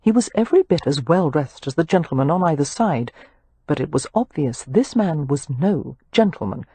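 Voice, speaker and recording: Woman reading an audiobook, husky voice, lively ups and downs, very dry close sound. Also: low voice, normal speed, no echo. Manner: expressive, lively storytelling. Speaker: audiobook narrator. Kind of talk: scripted audiobook narration.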